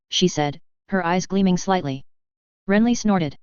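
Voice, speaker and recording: A woman reading a fan fiction story aloud with steady storytelling. Her voice is low-set and exceptionally clear, and the recording is dry with a slightly dull top end. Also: normal speed, dry recording. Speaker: reader. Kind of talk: fan fiction audiobook narration.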